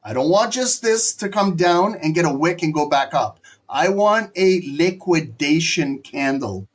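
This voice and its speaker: Brief: male live-stream trading host, fairly high voice, excitable and profane play-by-play. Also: measured pace, slightly rough. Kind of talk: live market commentary.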